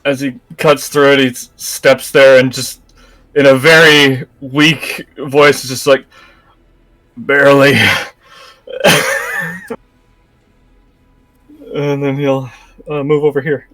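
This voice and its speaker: A man's voice: medium pitch, flat delivery, moderate pace, fairly bright tone, dry recording, faint music behind. A man playing in a tabletop game, with a mid-range voice recorded close and dry. He rambles and hesitates, starting sentences over as he works out his turn. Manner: rambling, hesitant, full of "uh" and restarts. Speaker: player. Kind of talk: casual tabletop game chat.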